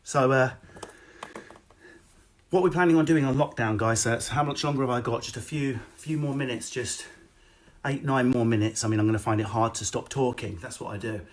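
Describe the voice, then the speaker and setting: A man doing a live stand-up set streamed online, ranting loudly and swearing, then dropping to mutters. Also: medium pitch, fairly even intonation. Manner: loud, sweary, rapid comic rant with sudden drops to mutters. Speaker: stand-up comedian. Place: at home, no audience.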